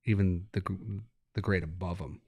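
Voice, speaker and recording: A man's voice: low-pitched, steady tone, moderate pace, darkish tone, dry recording, studio quality. A man, a hockey coach talking in an interview, laid-back and rambling, laughing as he tells stories. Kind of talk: relaxed interview talk.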